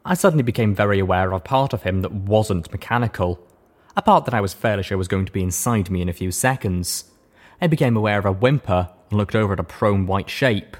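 A man narrating an audiobook in an expressive storytelling manner. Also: on the low side, fast talker.

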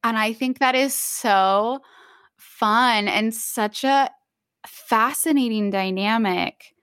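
A woman's voice: on the high side, takes it slowly, fairly bright tone, smooth, no room sound, studio quality. A woman co-hosting a podcast, chatting with enthusiasm about a film and book and acting out quoted lines. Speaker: podcast co-host. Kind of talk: casual book discussion.

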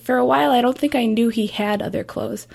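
A woman's voice: fairly high pitch, fairly quick, creaky, darkish tone. Chatty young woman recalling family. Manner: casual, chatty, with frequent fillers. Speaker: interviewee, grandchild. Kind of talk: personal recollection.

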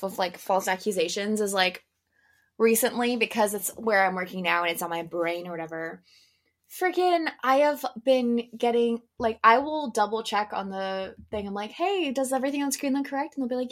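A woman co-hosting a casual chat, telling work stories in a lively way and acting out customers, with a voice trained to project. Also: fairly high pitch, moderate pace. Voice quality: projecting theater voice. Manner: animated storyteller, acts out customers in voices. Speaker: podcast co-host.

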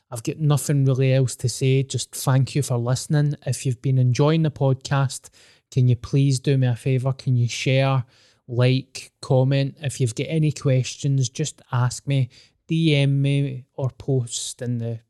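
A man's voice: medium pitch, dark tone, smooth, dry recording. Scottish man, young adult, podcast host, sweary, candid, dry close sound. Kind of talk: casual podcast chat.

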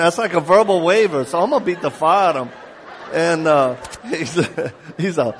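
A man's voice: fairly high pitch, lively intonation, normal speed, a faint crowd, slight background noise. A man preaching a live sermon, telling a story animatedly, acting out the people he quotes and laughing along.

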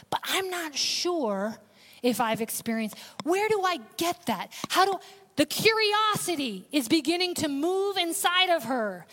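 A woman's voice: sits high, a bit bright. A woman pastor, preaching a sermon with call-outs and sudden bursts of intensity.

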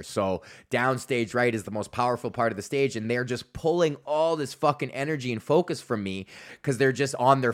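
A man's voice: mid-range voice, fairly bright tone. Swearing, rambling male comedian podcaster. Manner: rambling, swears constantly, laughs at own jokes, acts out voices in stories. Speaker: podcast host, stand-up comedian. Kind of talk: casual profane storytelling monologue.

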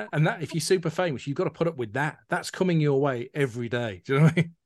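Fast-talking man, jokey co-host. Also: fairly high pitch, a little mellow, no room sound, clean studio sound. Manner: anecdotal, jokey, ends with tag questions. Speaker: podcast co-host. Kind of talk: casual interview chat.

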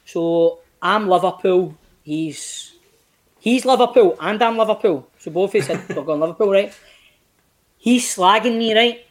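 A man in his late thirties with a Glaswegian Scottish accent, telling a story as a guest in casual chat, animated and sweary, acting out quotes in big swings of pitch. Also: measured pace. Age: late 30s. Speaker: podcast guest, actor.

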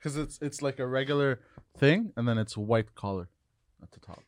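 A man on a podcast who gives short, low-key replies in casual chat. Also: moderate pace, no echo. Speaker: podcast guest.

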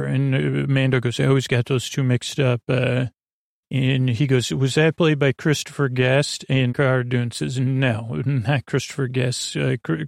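Gravelly rambling podcast host. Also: male voice, mid-range voice, no room sound. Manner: rambling, halting, full of fillers and restarts; dry, offhand retelling of scenes with quoted lines. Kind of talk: comedic episode recap.

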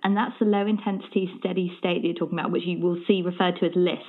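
A woman's voice: on the low side, fairly even intonation, very fast, narrow, tinny audio. A woman hosting a podcast who asks questions and reflects thoughtfully on her guest's answers. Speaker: podcast host. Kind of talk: podcast interview.

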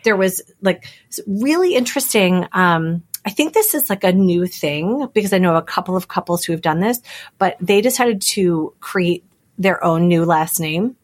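A woman's voice: on the low side, normal speed. A woman in her thirties, a podcast regular, chatting casually and animatedly, acting out her family members as she tells stories. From United States. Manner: animated storytelling, acts out family members' voices. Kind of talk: casual chat.

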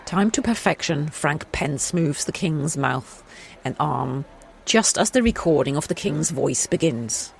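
A woman's voice: sits low, animated, measured pace, gravelly, hardly any pauses. A woman co-hosting a podcast who reads a story aloud and chats between passages. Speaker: podcast co-host and story reader. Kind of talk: casual chat and story reading.

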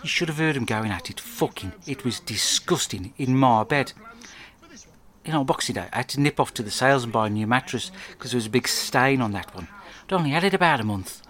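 A man with an English accent telling a crude comic diary monologue, rambling and deadpan. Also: mid-range voice, brisk. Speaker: podcast host.

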